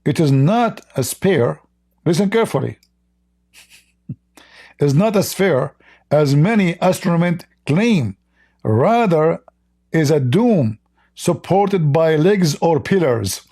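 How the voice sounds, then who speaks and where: Gravelly, dark-voiced man losing his voice. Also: fairly high pitch, animated. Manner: reads quoted passages slowly, then comments with mockery. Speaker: live stream host. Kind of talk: livestreamed religious debate commentary.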